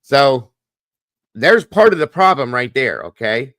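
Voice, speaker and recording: A man's voice: mid-range voice, sing-song, unhurried, fairly bright tone, no room sound. A middle-aged man, hosting and telling a long personal story in a blunt, rambling way. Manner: rambling, blunt, repeats himself. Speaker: podcast host. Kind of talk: casual storytelling monologue.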